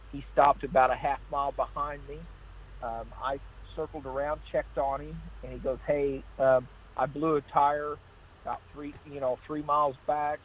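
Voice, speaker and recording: A man's voice: mid-range voice, flat delivery, moderate pace, slightly rough, dull audio. A male state trooper as a guest, chatting casually and telling anecdotes in which he acts out the exchanges. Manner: anecdotal, repeats "I said" in acted-out exchanges. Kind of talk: casual call-in storytelling.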